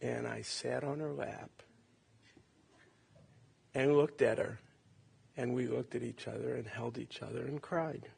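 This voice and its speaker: A man in his late sixties from Ohio, a son giving a halting, tender eulogy at a funeral. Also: medium pitch, fairly even intonation, vocal fry, darkish tone, slightly rough. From Cleveland, Ohio. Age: 60s. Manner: halting, reflective, tender storytelling.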